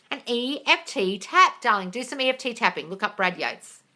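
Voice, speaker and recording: On her casual live question-and-answer stream, a young adult woman speaks fairly quickly at a medium pitch, rarely pausing. Blunt and sweary, she calls viewers darling and livens up with sudden loud, excited bursts.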